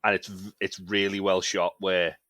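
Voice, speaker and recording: A man with a very low yet bright, forceful voice, talking through a TV episode in loose, filler-heavy analysis. The recording is dry and close, with no room around him. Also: flat delivery, normal speed, no room sound. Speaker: podcast co-host. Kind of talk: casual review chat.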